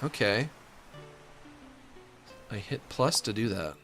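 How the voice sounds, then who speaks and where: Excitable man narrating his own gameplay. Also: fairly low pitch, slow pace, faint music behind. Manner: excitable, talks to himself and game characters. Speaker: streamer. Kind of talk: casual gameplay commentary.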